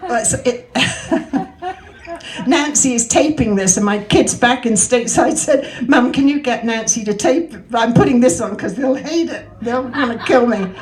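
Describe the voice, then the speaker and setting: An older woman tells jokes to a community crowd, chatty and quick to laugh at her own punchlines. Her voice sits a little high for a woman. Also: lively intonation, rough recording. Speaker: joke teller at a talent show. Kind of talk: telling jokes on stage. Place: community event room.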